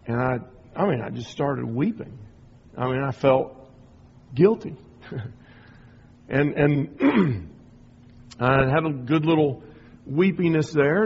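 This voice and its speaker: A middle-aged man giving a rambling, informal spoken testimony, often restarting and clearing his throat. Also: on the high side, expressive, unhurried, pauses often, dull audio. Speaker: speaker sharing a personal faith story.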